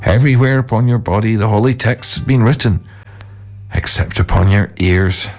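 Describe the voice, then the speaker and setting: A man's voice: on the low side, normal speed, a little mellow, faint music behind, voice pushed up, close to an everyday voice. A man voicing a startled, grieving old priest who blames himself, read as a storybook figure. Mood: anguished.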